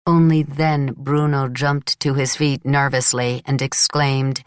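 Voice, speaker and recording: Very deep-voiced woman narrating. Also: fairly even intonation, measured pace, few pauses, no room sound, studio quality. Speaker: audiobook narrator. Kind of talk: scripted narration.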